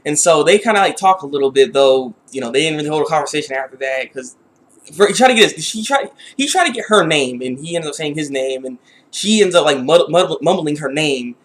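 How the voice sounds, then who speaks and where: A man's voice: fairly high pitch, lively intonation, fairly quick, fairly bright tone. A man casually reviewing an anime episode, rambling with many restarts and sounding exasperated.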